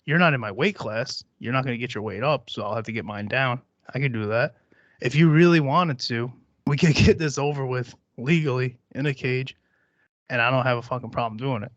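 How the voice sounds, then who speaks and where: A man's voice: mid-range voice, fairly quick, fairly bright tone, no echo, highs cut off. A man in his thirties hosting a podcast, talking bluntly and dismissively with plenty of swearing. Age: 30s. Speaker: podcast host. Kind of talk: casual chat.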